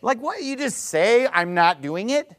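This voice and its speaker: High, lively-voiced sarcastic male preacher. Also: unhurried. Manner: sarcastic, rhetorical questions, mocking imitations. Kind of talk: fiery street-preacher sermon.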